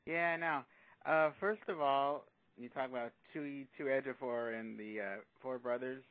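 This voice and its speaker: A man's voice: medium pitch, normal speed, no room sound, phone-quality sound. A man calling in to a show, talking in a rambling, hesitant way. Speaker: caller. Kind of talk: casual call-in chat.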